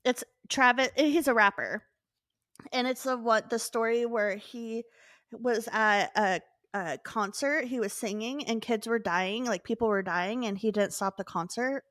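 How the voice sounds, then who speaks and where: A woman co-hosting a podcast, chatting and reacting in an animated way. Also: a little high, unhurried, dry recording, studio quality. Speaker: podcast co-host. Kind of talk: casual chat.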